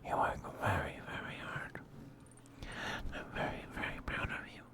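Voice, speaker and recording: Man whispering gentle ASMR affirmations. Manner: slow, soothing, repetitive praise. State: scratchy, phlegmy throat. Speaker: ASMR streamer.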